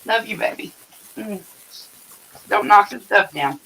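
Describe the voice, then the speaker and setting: An older man hosts a casual livestream from his home, telling crude stories in a blunt, profane way. His voice has a bright, edgy tone. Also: sits high, measured pace, slight background noise, low-quality recording. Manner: blunt, profane storytelling with laughter. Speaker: livestream host. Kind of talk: casual chat.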